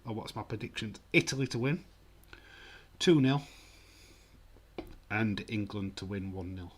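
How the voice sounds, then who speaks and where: A man with a fairly low voice hosts a live football watch-along. He chats casually and reads comments out loud. His tone is jokey and full of teasing. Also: a little slow, long pauses, slightly rough. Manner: chatty, jokey, mock-offended. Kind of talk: casual live-stream chat, reading comments.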